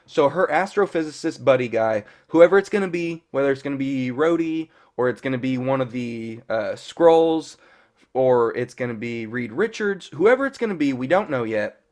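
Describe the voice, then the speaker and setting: A man's voice: medium pitch, lively intonation, normal speed, darkish tone. A man giving a casual, rambling episode recap as a fan reviewer, full of fillers and mild swearing.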